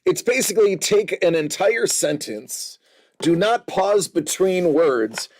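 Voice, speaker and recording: A man hosts a live card break, rambling and joking with frequent filler pauses. His voice is somewhat high with a gravelly fry, and he speaks very slowly. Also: animated. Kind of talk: casual livestream chat.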